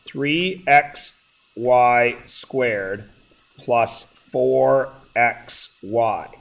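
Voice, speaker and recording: A male math teacher lectures in a classroom at an unhurried, drawn-out pace, his voice pitched in an ordinary middle range. He keeps a relaxed, joking tone and keeps pausing to ask whether everyone is following. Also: vocal fry. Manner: relaxed, jokey, checks in with students often. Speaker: high school math teacher. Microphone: plugged-in classroom mic.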